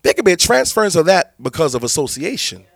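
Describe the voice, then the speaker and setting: A man's voice: fairly high pitch, sing-song, fast, vocal fry, no room sound. A man, a pastor, teaching church leaders in a preaching style, emphatic and repetitive with many restarts.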